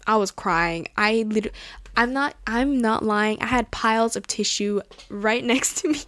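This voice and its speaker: A woman's voice: a little high, measured pace, fairly bright tone, no echo. A young woman hosting a casual show, gushing and rambling emotionally with many restarts. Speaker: podcast host. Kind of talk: casual chat.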